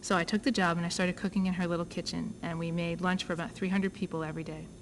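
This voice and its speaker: A woman speaks to a conference crowd in a fairly low voice, telling her own story in a lively way. She acts out both sides of each exchange as she goes. A faint hiss sits under her words. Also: fast, low-quality recording. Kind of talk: personal story told to an audience. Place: conference talk.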